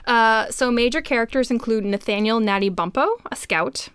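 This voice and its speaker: A woman's voice: fairly high pitch, moderate pace, fairly bright tone, smooth, no room sound. A woman co-hosting a podcast, summarizing a novel's plot with dry asides in casual chat. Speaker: podcast co-host. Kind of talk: casual book discussion.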